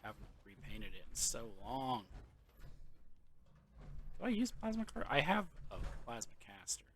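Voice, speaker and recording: A man's voice: mid-range voice, sing-song, a little slow, a bit bright, a little hiss or hum. A man casually talking to himself while playing a video game, rambling and joking. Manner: rambling, jokey muttering to himself. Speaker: game streamer. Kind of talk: casual let's-play commentary. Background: video game ambience.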